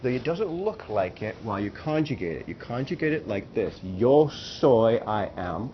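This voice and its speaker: A man teaching a Spanish class, explaining slowly and repeating phrases for the students. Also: fairly low pitch, big pitch swings, lo-fi sound, a little hiss or hum. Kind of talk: classroom lesson.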